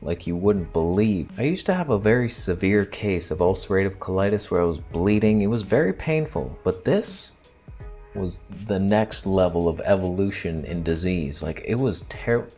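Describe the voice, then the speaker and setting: A young man with a fairly low voice recounts a story to the camera in a loose, crude, joking way. He slips into hushed, theatrical asides as he acts out his own reactions. Faint music plays in the background. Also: lively intonation, normal speed. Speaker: vlogger.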